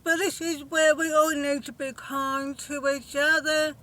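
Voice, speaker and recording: A woman vlogger talking to her viewers in a heartfelt, emotional way, halting often with fillers. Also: sits high, little pitch movement, bright, forceful tone, rough recording. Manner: heartfelt and earnest. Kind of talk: casual direct-to-camera vlog.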